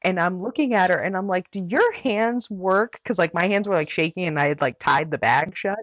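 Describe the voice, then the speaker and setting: Woman guest, deep voice, rambling casual storyteller, dull lo-fi recording. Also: quick pace, a bit bright, no echo. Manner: chatty, heavy use of "like" fillers. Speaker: guest runner. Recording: dull, dry lo-fi audio.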